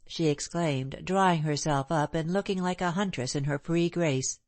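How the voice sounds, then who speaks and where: A woman narrating a novel as an audiobook in a measured, even way. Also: low voice, no room sound. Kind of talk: scripted narration.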